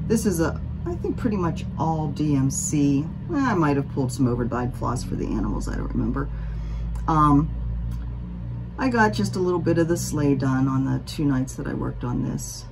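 A woman talking casually to her viewers in a rambling, chatty way, with fillers and self-deprecating asides, recorded at home. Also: sits low. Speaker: cross stitch vlogger.

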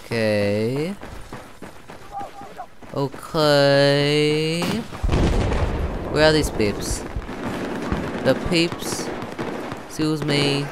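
Narrating his moves as he plays, a young man from Australia who hosts a gaming channel speaks slowly with long pauses. His voice sits on the high side with a steady tone, and loud game gunfire adds background noise behind him.

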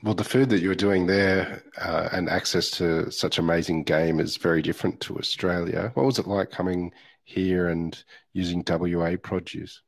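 A man with a very low, gravelly voice asks his guest a question in a measured way. He sits a little back from the mic. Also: steady tone. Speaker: podcast host. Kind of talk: interview question.

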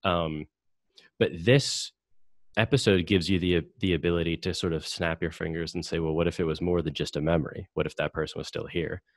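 Male podcast host, deep voice, dry close sound, halting casual delivery full of fillers. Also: fairly even intonation, dry recording. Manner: hesitant, many fillers and restarts. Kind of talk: casual conversational discussion.

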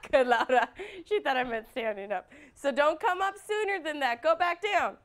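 A woman leading a children's dance class, praising warmly and counting beats aloud, at times loud and at times hushed. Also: high-pitched, sing-song, moderate pace, a little hiss or hum.

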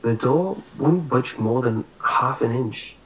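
A man reading a scary story aloud in a steady, measured narrating voice. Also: mid-range voice, roomy sound, poor audio. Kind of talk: scripted horror narration.

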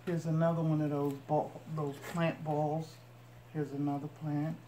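Unpacking boxes and displaying each item, a woman vlogger narrates casually for her couponing audience. She speaks at normal speed in a low, dark, flat voice, and the room is echoey with background noise.

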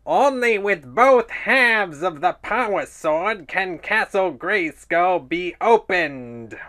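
A man's voice: high voice, animated, slow pace, pushed and bright, pitched above the performer's own voice, heavily acted. A man voicing a sinister, hissing male skeleton villain with a theatrical, gloating, cackling manner.

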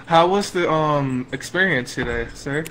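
A man's voice: fairly high pitch, measured pace, fairly bright tone, slight background noise, rough recording. A man chatting playfully while gaming with a friend, teasing and posing mock news-anchor questions. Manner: playful, teasing, laughs often. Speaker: co-player. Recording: game music behind. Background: game music.

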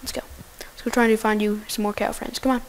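Woman, gameplay commentator; goofy, excitable casual delivery with a raised pitch and gravelly edges. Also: fast, slight background noise. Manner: goofy, excitable, talks to game animals.

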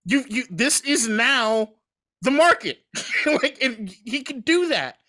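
A man's voice: very high voice, takes it slowly. A man co-hosting a casual sports podcast, swearing freely and laughing as he riffs. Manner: profane, animated, laughs often. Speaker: podcast co-host.

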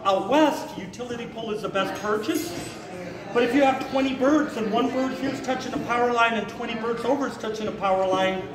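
A man giving a live talk as a raptor handler to an audience, an animated storyteller who acts out the voices and shouts in his story. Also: very high-pitched. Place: hotel event room with an audience. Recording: echoey hall, far from the mic, crowd audible.

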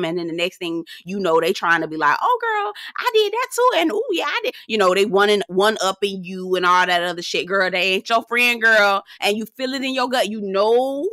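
A woman's voice: mid-range voice, fairly bright tone, no room sound. A woman doing a casual reality TV recap, sassy and gossipy, laughing often and calling the listener girl. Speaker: TV recap host.

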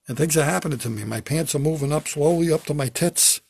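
An older man doing a wry, self-deprecating stand-up routine from his home basement, with sudden loud bursts when he acts out a bit. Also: fairly high pitch, animated, quick pace, vocal fry, hardly any pauses, husky, no echo. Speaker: stand-up comedian.

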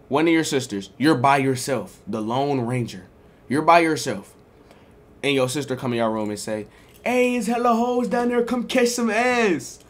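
A young man streaming from his bedroom, telling a story to his chat in a slangy, profane and animated way, often breaking into loud exclaims. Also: medium pitch. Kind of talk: casual live-stream storytelling. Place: bedroom at home.

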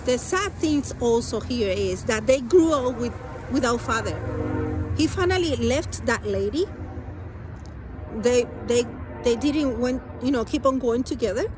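An adult woman from a Spanish-speaking country, whose first language is Spanish, gives a personal testimony over music. Her voice is slightly high and animated, and she tells her story earnestly, haltingly and with emotion.

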